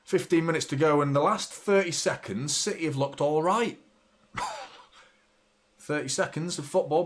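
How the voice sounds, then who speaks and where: A UK man in his thirties hosts a live football watchalong for fans, reacting to the play and chatting with viewers. He's blunt and sweary, getting excitable as the action heats up, and speaks at normal speed in a fairly high voice, pausing often.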